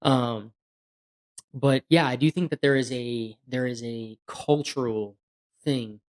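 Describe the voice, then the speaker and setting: A man, a police officer, telling stories in a casual podcast chat, blunt and lively, acting out the quotes he retells. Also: mid-range voice, slow. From USA.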